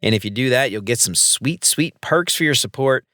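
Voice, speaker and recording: A man's voice: medium pitch, animated, moderate pace, pushed and bright, no room sound, studio quality. A man hosting a casual podcast, upbeat and laid-back with slangy greetings. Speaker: podcast host.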